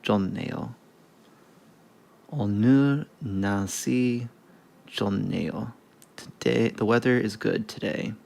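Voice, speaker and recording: Male streamer, low gravelly voice, unhurried thinking-aloud delivery with casual swearing. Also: darkish tone. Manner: muttering, self-correcting, swears casually.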